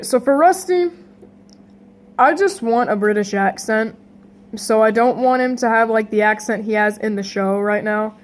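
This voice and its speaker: A young woman hosting a casting call for voice roles, talking casually and rambling with many fillers and restarts. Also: on the high side. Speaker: channel host running a casting call.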